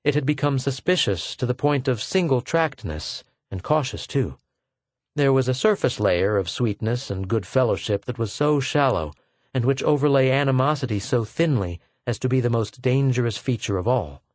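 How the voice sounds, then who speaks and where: A man narrating a science fiction audiobook in a measured, scripted style that slows at tense moments. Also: medium pitch, expressive, no echo.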